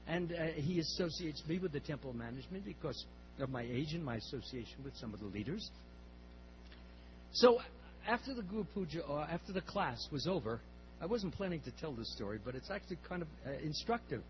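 Older man telling a story in a high voice. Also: very animated, brisk, soft background music. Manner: rambling, with repeated words and restarts. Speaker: speaker at a temple class. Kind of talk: storytelling class talk. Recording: slightly muffled, faint hum.

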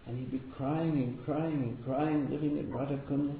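A man's voice: mid-range voice, fairly even intonation, normal speed, vocal fry. A man giving a devotional talk, telling stories and often repeating words for emphasis. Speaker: spiritual teacher. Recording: echoey room over a tinny phone-like line with background noise.

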